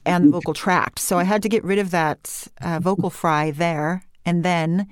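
A Californian woman speaks as a voice coach in an animated interview. Her voice sits fairly low for a woman and sounds smooth and resonant. She is recorded close on a dry microphone. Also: normal speed, no room sound. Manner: animated explanatory talk with light vocal fry and uptalk. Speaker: voice and speech coach. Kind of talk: interview conversation.

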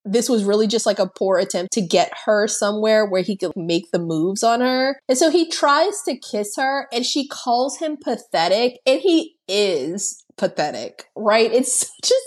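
A woman's voice: medium pitch, lively intonation, unhurried, few pauses. A woman co-hosting a podcast, casually recapping a movie with plenty of swearing and laughter. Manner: profane, laughing storyteller. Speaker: podcast co-host.

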